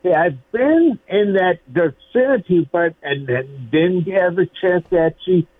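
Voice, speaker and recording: A hesitant man on a dry, tinny phone line, a little higher in pitch than most men. He stops and restarts his sentences as he talks. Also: lively intonation, no room sound. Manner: halting, hesitant. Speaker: guest. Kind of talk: casual chat.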